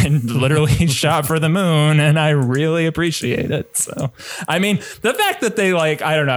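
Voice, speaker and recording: A man co-hosting a movie review podcast, hesitant and unsure, thinking aloud as he decides on a score. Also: a little high. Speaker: podcast co-host. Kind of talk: casual film review chat.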